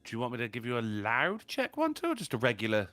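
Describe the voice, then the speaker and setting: Animated, bright-voiced man telling stories. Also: mid-range voice, fast, no room sound, soft background music. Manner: animated, laughing storyteller. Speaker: podcast co-host. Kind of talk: casual podcast chat.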